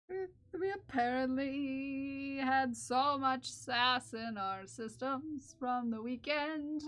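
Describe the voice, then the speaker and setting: High-voiced woman chatting on stream. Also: slow, a bit bright. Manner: chatty, playfully scolding chat. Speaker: livestream host. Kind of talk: casual live-stream chat with viewers.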